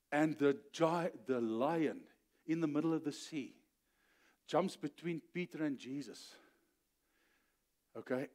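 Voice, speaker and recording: A man preaching a sermon as pastor, telling the story with animated, acted-out voices, often checking in with "okay?" and building to emphatic peaks. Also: fairly high pitch.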